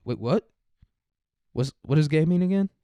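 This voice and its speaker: A man's voice: on the high side, expressive, normal speed, dry recording, muffled recording, pitched above the performer's own voice, lightly acted. A man doing a baffled, put-upon prophet. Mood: puzzled. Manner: bewildered, asks back. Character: confused, put-upon male prophet taking notes.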